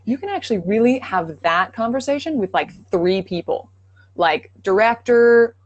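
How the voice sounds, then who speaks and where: A woman guesting on a live-stream Q&A, telling stories with animated enthusiasm. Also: fairly high pitch, normal speed, highs cut off. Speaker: guest, dialect coach.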